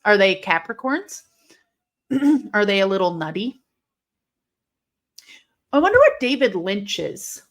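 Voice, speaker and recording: A woman hosting a live watch-along stream, chatting casually, answering her chat and breaking into sudden excited outbursts at the action. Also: medium pitch, slow, pauses often.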